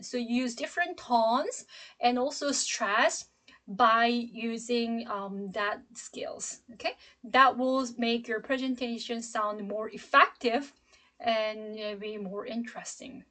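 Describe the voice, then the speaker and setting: A middle-aged woman, an English professor, giving a classroom lecture in a slow, emphatic way and demonstrating intonation as she goes. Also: fairly high pitch, steady tone, bright, forceful tone.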